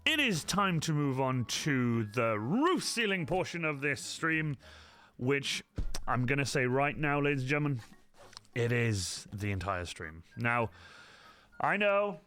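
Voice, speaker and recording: Bright chatty streamer man. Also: medium pitch, very animated, unhurried. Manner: chatty, apologetic, talks straight to chat. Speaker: livestream host. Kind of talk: casual livestream chat while crafting.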